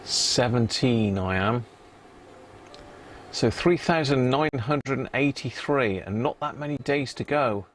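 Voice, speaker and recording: This live-stream host takes it slowly in a mid-range voice, with slight background noise in the recording. Fixing a vintage radio at his electronics bench, he chats casually with viewers, answers the live chat, and mutters to himself as he tests parts.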